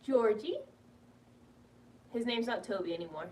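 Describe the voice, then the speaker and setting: A woman's voice: on the high side, expressive, a little slow. A young woman who works as a vet tech, chatting casually on a home livestream and talking to her pets. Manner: chatty, talks warmly to her pets between remarks. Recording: somewhat distant mic with faint background noise.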